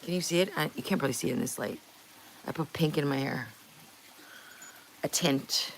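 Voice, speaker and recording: Speaking fairly quickly in a deep voice and pausing often, a middle-aged woman from Canada hosts a casual livestream with slight background noise. She's blunt, swears freely, and laughs a lot as she chats with viewers.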